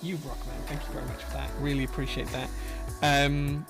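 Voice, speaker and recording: A man's voice: medium pitch, level tone, a little fast, vocal fry. A man hosting a casual livestream, greeting viewers by name in a friendly, rambling way with lots of fillers. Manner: friendly, rambling, reads chat names aloud with fillers. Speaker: livestream host, keyboard builder. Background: music playing.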